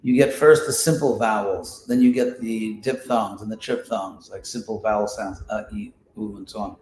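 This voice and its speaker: A man's voice: on the low side, fairly even intonation, moderate pace, a little mellow. A man teaching a study class in an informal spoken lecture, explaining with examples, restarting phrases and sounding out syllables aloud. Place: class in a room, with listeners present. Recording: echoey room with faint ambient noise.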